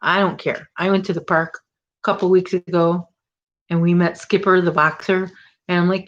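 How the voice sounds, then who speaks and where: A woman's voice: fairly low pitch, steady tone, normal speed, lo-fi sound. A woman hosting a crochet livestream, chatting casually and rambling with viewers, full of "like" and "oh my gosh". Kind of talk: casual chat with live viewers.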